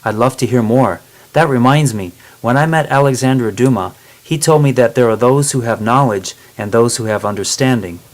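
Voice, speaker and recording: A man's voice: mid-range voice, moderate pace, natural voice, rough recording. A man voicing a curious young girl traveler who asks eager questions, in a storybook reading.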